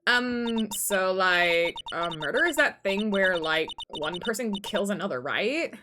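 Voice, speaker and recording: A woman's voice: mid-range voice, lively intonation, background noise. A woman voicing a ditzy, airheaded young female student in a put-on Valley Girl accent, filling her speech with "like" and "um". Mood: bubbly ditzy. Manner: lots of "like" and "um", halting.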